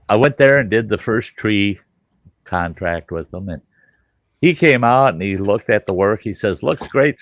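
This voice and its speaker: A man's voice: on the low side, no echo. A middle-aged man, hosting a livestream chat and telling a long story, acting out the voices and swearing freely. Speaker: livestream host.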